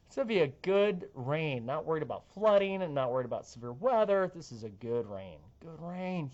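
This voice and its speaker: A man's voice: a little high, expressive, brisk, hardly any pauses, darkish tone, dull audio. A young man, a TV meteorologist talking through a casual forecast with playful, jokey asides. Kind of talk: casual weather forecast chat.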